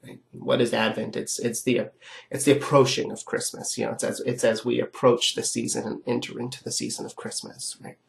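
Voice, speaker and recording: A man lecturing on philosophy in a voice that is rough and gravelly from being sick. He explains ideas step by step with everyday examples, in a loose, conversational way. He keeps checking in with his listeners with a quick "right?". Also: medium pitch, level tone. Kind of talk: recorded lecture.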